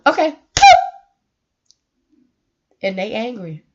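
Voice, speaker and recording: A woman's voice: high-pitched, expressive, slow, pauses often. A woman talking to the camera in a casual, emotional monologue, earnest and preachy, often breaking into laughs. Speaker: vlogger giving life advice. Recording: dull lo-fi sound.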